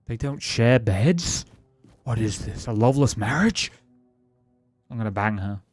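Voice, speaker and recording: A man's voice: medium pitch, lively intonation, measured pace, no room sound. A man streaming a video game, talking back to the characters with offhand, crude jokes. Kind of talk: casual gameplay commentary.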